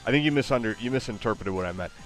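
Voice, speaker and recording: Lowish-voiced guy streaming, casual, lots of ums, trips over his words. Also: animated, rapid-fire, faint music behind. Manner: hesitant, many fillers, tongue-tied. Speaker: streamer host. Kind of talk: casual chat.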